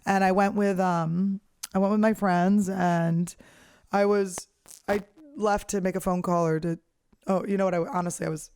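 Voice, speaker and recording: A woman's voice: mid-range voice, steady tone, moderate pace, a little mellow, clean tone, no echo. A woman comedian in her thirties telling a story in a casual, blunt, profane rant. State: hiccuping and burping. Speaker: comedian and host.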